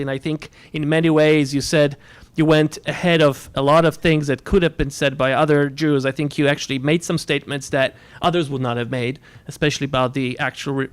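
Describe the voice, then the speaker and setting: A man from Poland, a diplomat guest, answering in a panel talk in a measured way with many fillers. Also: on the high side, clear, resonant tone. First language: Polish.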